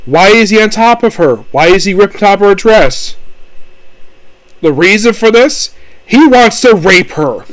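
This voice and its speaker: A man's voice: sits high, lively intonation, a little slow, dry recording, poor audio. A man giving a casual, rambling anime review, leaning on fillers like "basically" and "of course".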